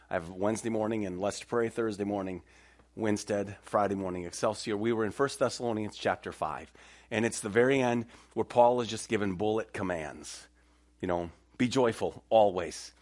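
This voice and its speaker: A man preaching a sermon in church as pastor, telling stories and acting out the voices he quotes. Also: mid-range voice.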